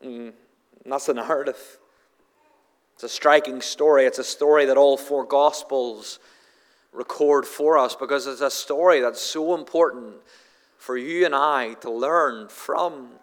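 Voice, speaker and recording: This sermon comes from a pastor who stumbles and repeats words as he begins sentences and fills gaps with many "uh"s. He raises his voice to stress points before sinking low and slow, in a big-room sound.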